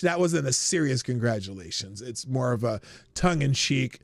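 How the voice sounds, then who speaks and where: A man's voice: mid-range voice, expressive, normal speed, vocal fry, no room sound. A man from Nebraska who hosts a live stream, giving mocking commentary and laughing often. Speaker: host.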